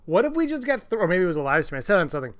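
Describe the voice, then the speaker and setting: Excitable podcast co-host, higher-pitched man. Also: rapid-fire. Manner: excitable, restarts often, acts out quotes in a raised voice. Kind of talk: casual podcast chat.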